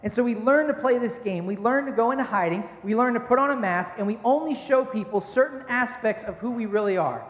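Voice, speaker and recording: High-voiced man preaching in an echoey hall. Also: fairly quick, few pauses. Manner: conversational, self-deprecating, anecdotal. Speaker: pastor. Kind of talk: sermon with personal storytelling. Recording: echoey hall with long reverb.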